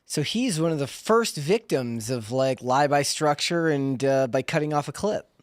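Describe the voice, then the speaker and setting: A man's voice: medium pitch, animated, normal speed, no room sound. Wry man with dry asides. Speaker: co-host. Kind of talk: casual political panel chat.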